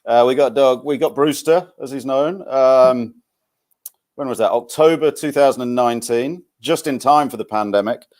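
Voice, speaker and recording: A middle-aged man with an English accent softened by years abroad, giving relaxed interview answers with dry humour. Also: mid-range voice, moderate pace. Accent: English, softened by long life abroad. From England. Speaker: tax expert guest.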